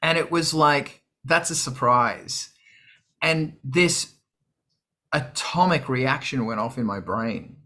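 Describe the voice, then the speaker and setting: A man's voice: mid-range voice, slow pace. A man hosting a live stream, chatting casually to viewers, swearing freely and acting out what others said. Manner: animated, swearing, quoting others in put-on voices. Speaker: livestream host. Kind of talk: casual chat to a live audience.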